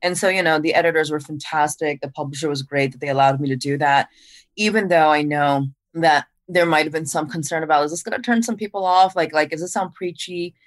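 Woman author, guest in a chat, earnest, fairly low voice, dry sound. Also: fairly quick, no echo. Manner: earnest, explains at length. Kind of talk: casual interview conversation.

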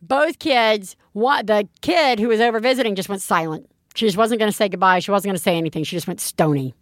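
A woman's voice: mid-range voice, fairly quick, no room sound, studio quality. A woman in her thirties co-hosting a parenting podcast, telling stories in a chatty way with lots of fillers, acting out voices and laughing easily. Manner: acts out voices in her anecdotes. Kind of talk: casual chat.

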